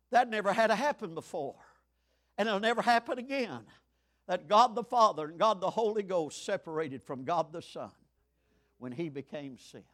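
A man in his seventies preaching a fiery sermon, swinging from shouts to hushed tones. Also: fairly high pitch. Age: 70s.

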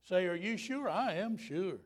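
A high-pitched man in his fifties preaches with folksy fervor. His voice swoops widely, and at its peaks he breaks into shouts. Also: animated, measured pace. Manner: fervent, folksy, rising to shouts. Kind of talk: revival sermon.

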